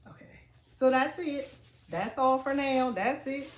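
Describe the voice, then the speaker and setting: A woman vlogging from home as she unboxes gifts, chatty and excitable, calling her viewers y'all. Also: sits high, measured pace, roomy sound, slight background noise. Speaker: family vlogger. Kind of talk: casual unboxing vlog. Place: home, indoors.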